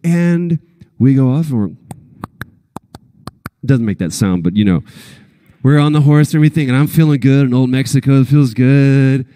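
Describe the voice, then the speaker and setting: Pausing often at a moderate pace, a Texas man in his thirties tells a story as a guest on a convention panel stage, acting out the quotes animatedly with big pitch jumps. The audio has a long reverb tail and a little hiss or hum.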